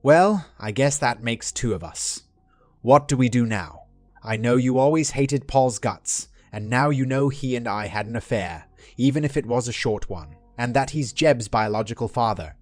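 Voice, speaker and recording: Guy reading as a wife in her 40s, sharp and pointed, dry voice no room. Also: medium pitch, expressive, moderate pace, no room sound, soft background music, natural voice. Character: upset middle-aged wife, woman.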